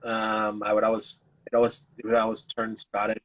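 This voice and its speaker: A man's voice: fairly low pitch, completely flat delivery, brisk, a bit bright, rough recording. A man, an actor guest, chatting casually over a video call, loose and full of fillers and restarts, with the odd swear. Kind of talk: casual chat.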